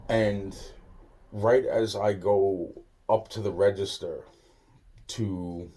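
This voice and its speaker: A man's voice: on the low side, steady tone, takes it slowly, mellow, breathy edge. A man casually telling a rambling personal story, swearing often and restarting his sentences. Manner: rambling, profane, many restarts. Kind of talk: casual spoken anecdote.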